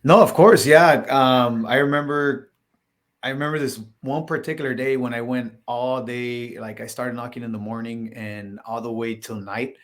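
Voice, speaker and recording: A man speaking at a middle pitch, chatting as a podcast guest. He rambles through his stories with constant "like" and "you know". He jumps into the voices of the people in them as he goes. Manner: acts out quoted dialogue in his stories. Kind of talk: casual storytelling interview.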